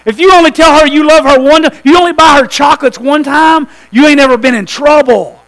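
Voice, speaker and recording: A man preaching a sermon to a church, telling a story with lively asides and calls to the congregation. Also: very high voice, brisk, poor audio. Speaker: pastor.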